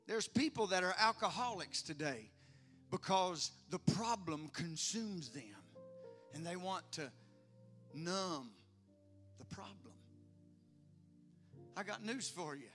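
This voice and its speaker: Speaking slowly and pausing often, this male pastor has a high, bright, forceful voice with lively intonation. His preaching swings widely, from emphatic, driving bursts to almost hushed lines and casual asides aimed at the congregation. Soft music runs beneath his sermon.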